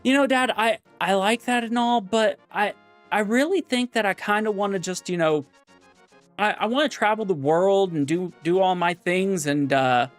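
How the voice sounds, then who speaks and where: A man's voice: high-pitched, faint music behind, voice pushed up, lightly acted. A man voicing a young adult son who asks for things hesitantly, stammering and repeating words. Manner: halting, stammering requests.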